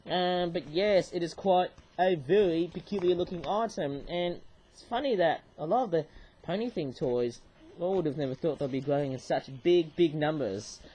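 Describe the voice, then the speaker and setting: A man's voice: a little high, moderate pace, mellow, a little hiss or hum, low-quality recording. A British man reviewing toys in a rambling, chatty way, full of fillers and tag questions, with a cold and sore throat, talking to a webcam at home. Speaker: toy reviewer. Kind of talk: casual toy review chat.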